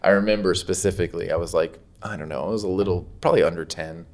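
Deep-voiced man telling stories on a podcast. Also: fairly even intonation, fast talker, darkish tone. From San Diego. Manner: laughing, self-deprecating storyteller. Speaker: podcast co-host. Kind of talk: casual podcast storytelling. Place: recording studio.

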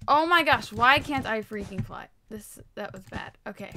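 A woman giving casual gameplay commentary while she builds, excitable and rambling, poking fun at herself. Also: a little high, moderate pace, a little hiss or hum. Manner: excitable, rambling, self-mocking. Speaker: Minecraft video creator.

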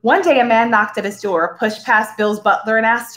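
A woman reading a story aloud to schoolchildren, expressive and ready with character voices. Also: fairly high pitch, moderate pace.

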